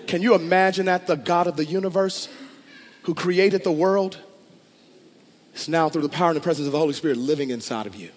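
A man's voice: a little high, fairly quick. Impassioned male preacher in a reverberant hall. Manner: impassioned, rising to loud declarations. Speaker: pastor. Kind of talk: sermon.

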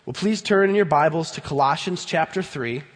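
Emphatic high-voiced male pastor, hall reverb. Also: moderate pace. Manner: emphatic, swings from loud bursts to low earnest tones. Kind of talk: sermon. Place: church sanctuary.

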